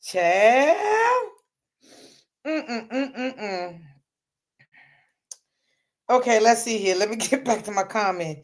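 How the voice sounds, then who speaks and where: A woman's voice: on the high side, very animated, slow pace, pauses often. Laughing woman hosting a live stream. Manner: laughs often, calls on the Lord, swears freely. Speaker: live stream host reading chat. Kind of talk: casual live stream chat.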